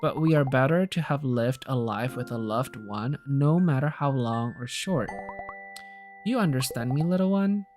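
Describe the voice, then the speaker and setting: A woman voicing a comforting motherly mentor, low voice, soft, tender, faint music underneath. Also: expressive. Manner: soft, tender, slow reassuring lines.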